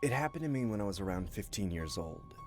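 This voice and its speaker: Man, low mellow voice, horror story narration, steady first-person reading, faint background music. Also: quick pace. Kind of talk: reading scary stories with asides.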